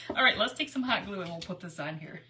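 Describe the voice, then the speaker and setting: A woman's voice: medium pitch, animated, fairly quick, pushed and bright, a little hiss or hum. A middle-aged woman hosting a live crafting stream, chatting and telling stories in a rambling, giggly way while she works at her craft table. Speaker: crafting livestream host. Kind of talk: casual live crafting chat.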